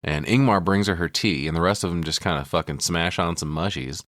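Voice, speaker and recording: A man's voice: low voice, brisk, fairly bright tone, no echo, studio quality. A man co-hosting a podcast, casually recapping a film scene by scene, profane, slipping into quoted lines. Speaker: podcast co-host. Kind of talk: casual movie recap chat.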